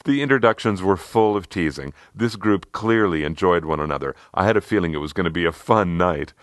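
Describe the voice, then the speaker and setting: A man narrating a scripted workplace story in an expressive storytelling manner. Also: low voice, fairly quick, no room sound, clean studio sound. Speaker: narrator and leadership consultant.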